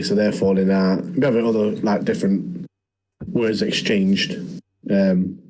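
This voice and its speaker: This is a man recapping a show on a podcast in a laid-back, rambling way. His voice is low and mellow with a husky, slightly rough edge. He fills the gaps easily and keeps it casual. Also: unhurried, long pauses, poor audio. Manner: relaxed, rambling recap with fillers. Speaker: podcast co-host. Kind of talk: casual chat, recapping episodes.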